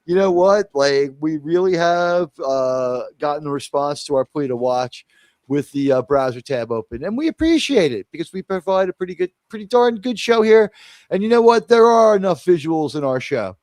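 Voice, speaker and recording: A man's voice: fairly high pitch, expressive, normal speed, darkish tone, no room sound, studio quality. A man hosting a live-stream review chat in a casual, rambling way, full of fillers and restarts. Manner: rambling, many restarts and fillers, quotes others in mock voices. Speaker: host of a live review show.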